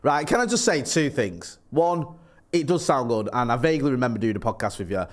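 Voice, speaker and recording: A man's voice: mid-range voice, lively intonation, a little fast. A man co-hosting a podcast, chatting casually and often restarting his sentences in a self-deprecating way. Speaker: podcast co-host. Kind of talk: casual chat.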